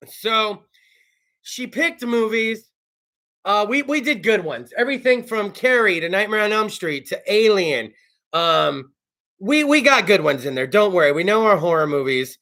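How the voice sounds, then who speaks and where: A man from South Texas hosting a casual talk show, loud, excitable and profane, often bursting into shouts while plugging sponsors. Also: high voice, a little slow.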